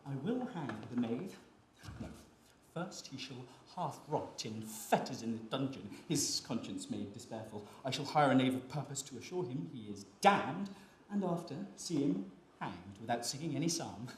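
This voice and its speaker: A blustering comic vintner, played by a man who rants about revenge in a live stage play. His voice is middle-pitched, and the hall echoes around it. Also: expressive, moderate pace, a little hiss or hum, natural voice. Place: university theatre stage.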